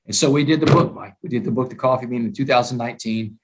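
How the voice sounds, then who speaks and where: A man, a guest author telling his story in an emphatic, animated way during a talk-show interview. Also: medium pitch, quick pace, hardly any pauses.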